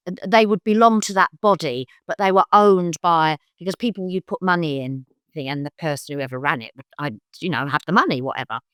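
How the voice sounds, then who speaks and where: An older psychic guest with a London accent talks fairly quickly and smoothly with few pauses, spinning stories in a relaxed chat. She animatedly acts out others' voices in high-pitched bursts; the studio-quality recording has no room sound.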